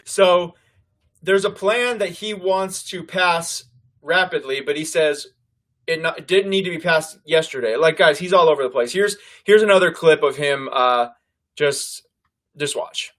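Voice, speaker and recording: A man hosts a political livestream in casual commentary. He talks loudly and animatedly and keeps turning to his viewers as "guys". His voice sits high for a man. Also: measured pace.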